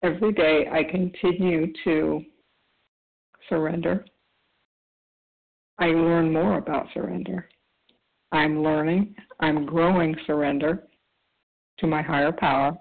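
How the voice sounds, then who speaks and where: A woman with a gravelly voice shares at a recovery meeting, talking softly and haltingly with long pauses. Her voice comes through a tinny phone line. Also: low-pitched, fairly even intonation. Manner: soft, halting, with many pauses. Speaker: meeting member sharing. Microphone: phone call.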